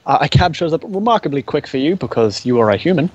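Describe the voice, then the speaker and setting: A man's voice: fairly high pitch, big pitch swings, fast, highs cut off. A man acting as game master, narrating a tabletop role-playing game and answering players' questions.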